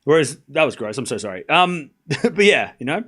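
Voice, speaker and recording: A man's voice: on the high side, very animated, moderate pace, fairly bright tone, slightly rough. A man hosting a live watchalong, chatting casually with his chat, rambling with frequent fillers and restarts. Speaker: livestream watchalong host.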